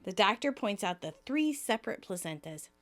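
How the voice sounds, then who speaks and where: A woman co-hosting a podcast, recapping an episode in casual chat, laughing often and reading quotes in lively voices. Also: mid-range voice, moderate pace. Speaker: podcast co-host.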